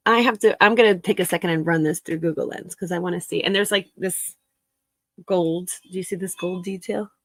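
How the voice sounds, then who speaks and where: A woman's voice: fairly low pitch, fairly even intonation, fairly quick, a bit bright, no room sound, rough recording. Chatty, giggly woman, dry sound. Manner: chatty and giggly, many fillers, greets viewers by name. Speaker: reseller chatting with livestream viewers. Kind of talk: casual livestream chat while working.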